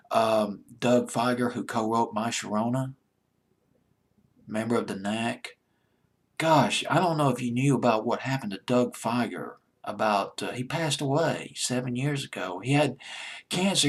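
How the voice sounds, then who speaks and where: A man's voice: fairly low pitch, slightly rough. A man from Alabama with a Southern accent, hosting a music countdown in a chatty, enthusiastic way, laughing as he talks. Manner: chatty, enthusiastic, laughs often, stumbles and restarts. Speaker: radio-style countdown deejay. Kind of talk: casual countdown commentary.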